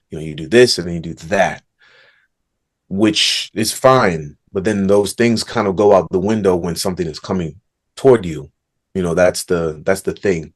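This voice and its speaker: A man, an author and negotiation coach, being interviewed on a podcast. He answers thoughtfully and murmurs "hmm" before he speaks. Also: deep voice.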